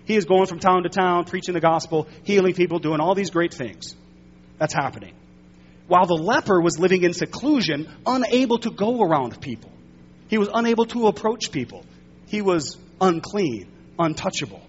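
A man with a high voice preaches a sermon, leaning hard into key words and slowing down to stress them. The sound is a little dull, with a faint hum under it. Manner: emphatic preaching, swelling louder and slowing for stress. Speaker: pastor.

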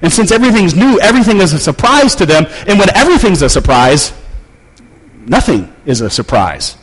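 A man's voice: sits high, slightly rough. A man preaching a sermon in a conversational, emphatic way with touches of wry humor. He sounds like a pastor speaking in a church sanctuary, and his voice carries the long echo of a large hall.

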